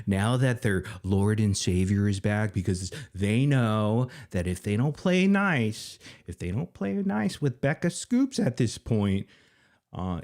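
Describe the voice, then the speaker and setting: A man hosting a livestream in a casual, mocking style, sarcastic and quick to laugh, and out of breath. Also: mid-range voice, a little mellow. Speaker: livestream commentary host.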